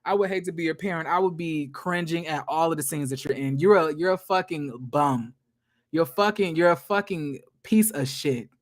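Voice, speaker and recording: Here a man with a slightly high voice chats through a reality TV recap. His manner is gossipy and foul-mouthed, blunt, lively, and full of easy laughter.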